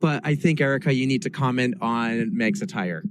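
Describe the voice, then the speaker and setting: A man from New Hampshire co-hosting a podcast, telling a story in a lively, self-mocking way and acting out the quotes. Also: mid-range voice, a little fast, rough recording. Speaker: podcast co-host. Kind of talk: casual storytelling chat.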